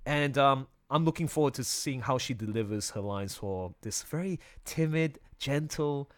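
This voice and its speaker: A man hosting a casual livestream as its video editor, animated and laughing often, with quick restarts. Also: mid-range voice.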